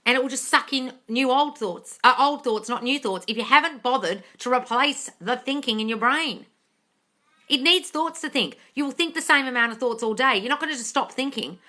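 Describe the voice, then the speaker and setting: A woman's voice: high-pitched, moderate pace, bright, forceful tone. A woman hosting a live question-and-answer stream as a coach, blunt and emphatic, swearing freely as she answers viewers. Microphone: phone or computer mic for a live stream.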